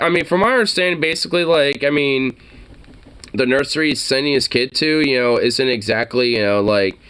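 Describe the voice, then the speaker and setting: A man's voice: mid-range voice, fairly bright tone, clear, resonant tone. A man hosting a casual reaction video, rambling with heavy profanity and fillers.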